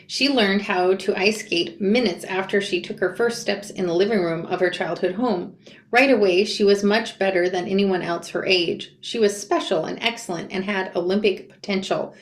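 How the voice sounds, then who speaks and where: Woman, reads a book aloud, casual chatty asides, middle pitch, echoey room. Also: moderate pace. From Portland, Oregon, USA. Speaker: book reader and commentator. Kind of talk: reading a memoir aloud with reactions.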